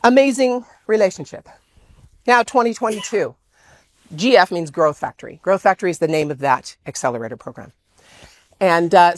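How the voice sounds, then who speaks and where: A woman speaking to an audience, telling a story in an animated way and acting out the dialogue. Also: on the low side, no room sound. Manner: animated, exclaims often, acts out quoted dialogue.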